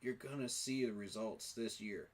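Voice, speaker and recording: A man's voice: lowish voice, moderate pace. A man giving an emotional, preacher-like fan monologue, repeating his phrases for emphasis. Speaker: sports fan commentator.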